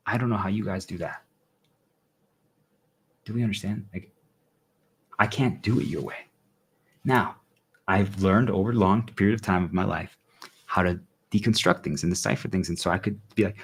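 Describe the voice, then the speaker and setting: A man's voice: low-pitched, normal speed, long pauses, husky. A man talking casually and earnestly to his viewers, rambling and often asking whether they understand. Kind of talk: casual monologue to an audience.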